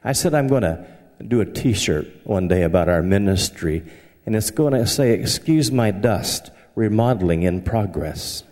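A Southern pastor from the United States preaches a sermon in a lowish, animated, slightly mellow voice, never hurrying. He's folksy and humorous, full of anecdotes, and a long hall reverb surrounds him.

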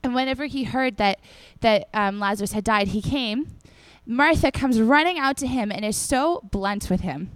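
A woman's voice: on the high side, normal speed, few pauses, dry recording. A young woman giving a casual, chatty sermon to a congregation, acting out the people in the stories as she tells them. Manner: chatty and animated, acts out the people in the story. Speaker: preacher.

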